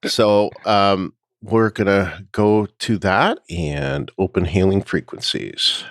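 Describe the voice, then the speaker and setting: A man's voice: on the low side, expressive, slow, creaky, dry recording. A man hosting a podcast in casual chat, talking hesitantly with many fillers. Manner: hesitant, full of fillers and restarts. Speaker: podcast host.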